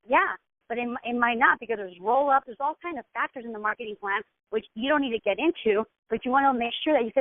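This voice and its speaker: A woman mentor talks her team through how to run a session, direct and instructive, checking in with "okay?" after each point. Her voice sits a little high. It comes through a narrow, phone-like line with no room echo. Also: fast. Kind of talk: coaching instruction.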